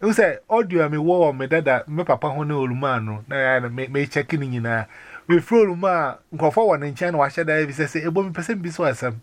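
A man with a Ghanaian accent chats casually on the phone. His voice sits a little high, and he rambles animatedly, restarting and exclaiming often. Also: lively intonation, fast. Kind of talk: casual phone chat mixing Twi and English.

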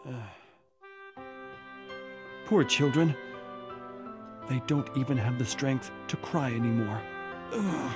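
An actor playing a weary, desperate ex-convict man who talks slowly, with pleading sighs, in a storybook radio drama. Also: mid-range voice, music in the background, natural voice. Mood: despairing. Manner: slow, pleading, sighing.

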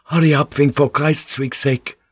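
A man's voice: on the high side, steady tone, a little slow, slightly rough, no room sound, studio quality, pitched above the performer's own voice. A man voicing a harsh, scornful sailor. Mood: impatient. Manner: scornful, barking. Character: harsh, contemptuous male sailor. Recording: dull, lo-fi.

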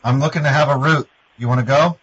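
A man hosts a radio show and places crude prank calls, delivered deadpan with a mocking edge. His voice is husky and mid-pitched. The recording sounds dull and lo-fi. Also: quick pace. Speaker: radio host and prank caller. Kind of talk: prank phone call and radio banter.

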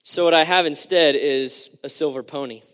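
A man's voice: a little high, normal speed, fairly bright tone. A man preaching a casual, joking sermon, acting out the crowd's voices as he tells the story. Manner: casual, joking, lots of "like" and "you know". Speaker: pastor.

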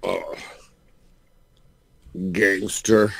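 A man putting on a beaten, groaning male celebrity with a low, gravelly, husky rasp. He slurs out short words slowly and painfully, as in a spoof. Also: level tone, a bit bright, exaggerated voice. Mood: pained. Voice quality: slow, gravelly, slurred.

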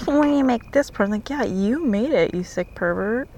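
A woman's voice: fairly high pitch, lively intonation, unhurried, mellow, slight background noise, low-quality recording. A woman vlogging casually, swearing a lot and often dropping into whispers. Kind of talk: casual reaction vlog.

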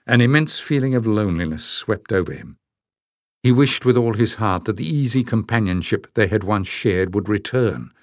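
A low-voiced man, working as an audiobook narrator, reads a scripted story in a measured, even manner. The recording is clean studio sound with no room ambience.

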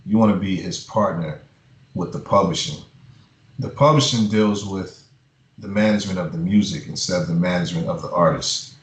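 A man's voice: sits low, normal speed. Blunt, cursing man in a roomy space. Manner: blunt, profane, heated ranting. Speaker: music publisher. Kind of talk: casual advice talk in an interview. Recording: roomy echo.

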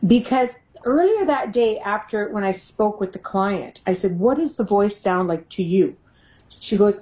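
A middle-aged woman shares stories of her paranormal investigations during an interview, animated and laughing a lot as she performs the voices of people she quotes. She has a mid-range, mellow voice at a moderate pace, captured on poor audio.

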